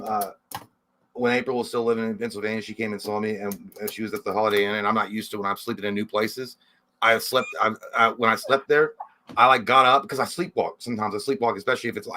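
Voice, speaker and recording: A man's voice: on the low side, flat delivery, quick pace, pushed and bright, slight background noise. A man co-hosting a casual livestream chat, telling rambling, profane stories. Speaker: co-host.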